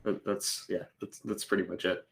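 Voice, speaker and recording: A man's voice: sits low, level tone, moderate pace, creaky. A young man, a student, introducing himself on a video call in a rambling, self-deprecating way.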